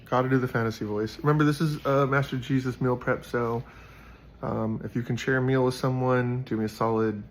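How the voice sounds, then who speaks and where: A man's voice: medium pitch, steady tone, brisk, a little hiss or hum. A man hosting his own show, chatting casually about a Bible verse and rambling as he thinks aloud. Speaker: host. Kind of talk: casual scripture commentary.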